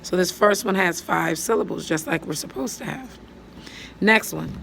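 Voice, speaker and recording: A woman teacher patiently walking students through writing a poem, counting syllables aloud and thinking out loud as she writes. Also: fairly low pitch, normal speed, creaky, a little hiss or hum. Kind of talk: step-by-step poetry lesson.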